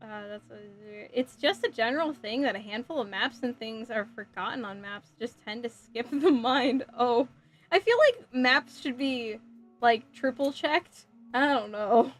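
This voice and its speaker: A woman with a slightly high voice chats on a casual live stream as she builds a model kit. She is sassy and playful and giggles easily as she answers her chat. Soft music plays faintly underneath. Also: a little slow.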